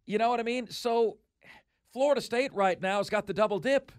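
High-voiced emphatic male sports radio host. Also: fairly quick, no echo, studio quality. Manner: emphatic, repetitive, opinionated. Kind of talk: sports talk radio commentary.

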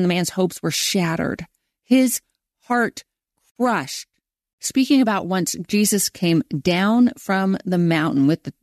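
A woman's voice: mid-range voice, a little mellow, no echo, studio quality. A woman hosting a podcast, reading a devotional and a prayer in an earnest voice that draws out key words. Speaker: podcast host.

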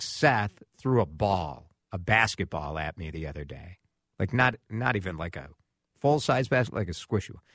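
Man radio host, animated storyteller, bright tone, dry close mic. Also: on the low side, no echo. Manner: animated storytelling, acts out quotes. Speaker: radio talk show host. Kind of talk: casual radio chat.

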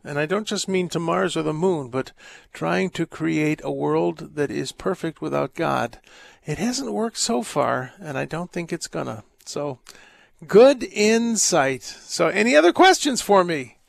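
Gravelly priest hosting call-in radio. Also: male voice, fairly high pitch, animated, measured pace, no room sound. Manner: earnest pastoral advice with jovial asides. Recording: dry close studio mic.

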